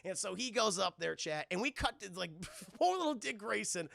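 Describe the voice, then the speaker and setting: A man's voice: sits high, normal speed, vocal fry, dry recording, clean studio sound. A man streaming a casual, profane episode recap, talking straight to his chat. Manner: animated, profane, talks to chat. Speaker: streamer reviewing a cartoon episode.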